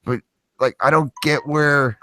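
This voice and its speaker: Excitable rambling man hosting a podcast. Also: on the high side, unhurried. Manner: excitable, rambling, swears a lot. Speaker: podcast host. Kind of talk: casual podcast chat.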